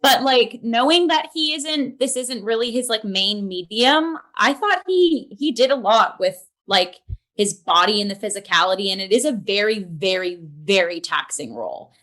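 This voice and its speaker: A woman's voice: mid-range voice, animated, moderate pace, a bit bright. A woman giving a rambling, casual critique full of fillers, on a video call. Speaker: theatre reviewer.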